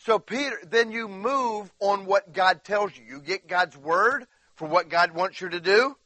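A man preaching a sermon, emphatic, going from quiet asides to crying, shouting peaks, and speaking while in constant bodily pain. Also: sits high, measured pace. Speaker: pastor.

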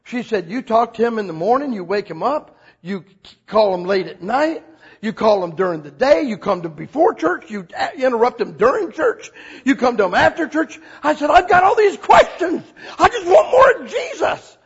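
A man preaching a sermon as a pastor, telling stories with lively acted-out quotes. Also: moderate pace, husky, dull audio. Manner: animated storytelling, acts out quotes with big pitch jumps.

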